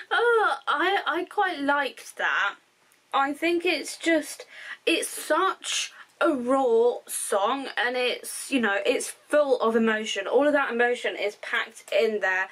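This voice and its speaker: A young woman chats through her reactions to music in a slightly high voice. She is tired and openly emotional, rambling and restarting her sentences as she goes. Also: fairly bright tone, rough recording. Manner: chatty, rambling, self-correcting; emotional and candid. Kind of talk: casual reaction commentary.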